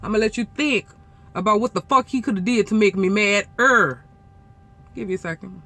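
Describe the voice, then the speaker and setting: A woman truck driver telling a story to her viewers in a blunt, profane, animated way. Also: mid-range voice, fairly quick. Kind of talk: casual storytelling vlog.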